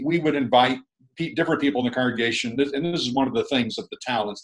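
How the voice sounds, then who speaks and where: A man's voice: medium pitch, poor audio. A middle-aged man, a guest minister, telling a long story in a rambling, chuckling, casual way with many restarts.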